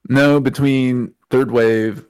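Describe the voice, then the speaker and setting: A man's voice: mid-range voice, steady tone, slow pace, darkish tone, clear, resonant tone. A man co-hosting a music podcast in casual chat, dropping dry, matter-of-fact corrections. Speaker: podcast co-host.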